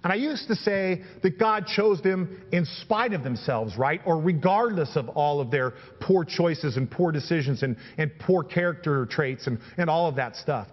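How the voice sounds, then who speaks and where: A man's voice: on the high side, lively intonation, normal speed, few pauses, big-room sound, muffled recording. A man preaching a sermon as pastor, reading scripture aloud and building emphasis with repeated phrases.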